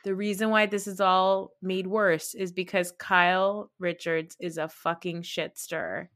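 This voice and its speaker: Gossipy woman podcaster, animated and blunt. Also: on the low side, a little slow. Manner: gossipy, animated, swears freely. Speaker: podcast co-host. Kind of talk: casual reality TV recap chat.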